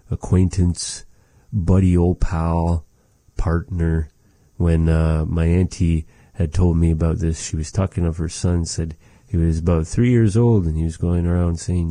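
A man giving a casual vocabulary lesson, repeating each word slowly and adding chatty, joking asides. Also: deep voice, mellow, no echo. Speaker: language teacher.

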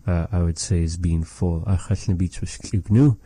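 Brief: low-voiced male language teacher, dark mellow tone, dry close sound, thoughtful and hesitant. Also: fairly even intonation, normal speed, breathy edge, dry recording. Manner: thoughtful, hesitant, searches for words. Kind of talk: explaining language lesson.

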